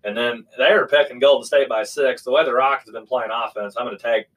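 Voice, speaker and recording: A man's voice: medium pitch, steady tone, fast, a bit bright, low-quality recording. Blunt joking man talking sports bets. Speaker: co-host. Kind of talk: casual sports betting chat.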